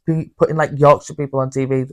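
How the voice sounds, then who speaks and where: A woman's voice: a bass voice, level tone, quick pace. A young woman, co-hosting a podcast in casual chat, blunt and swearing freely. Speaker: podcast co-host.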